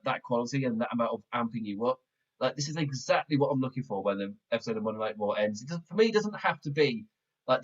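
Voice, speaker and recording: A male podcast host giving a casual, rambling review of a wrestling show, excitable and quick to laugh. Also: mid-range voice. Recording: muffled lo-fi backup mic audio.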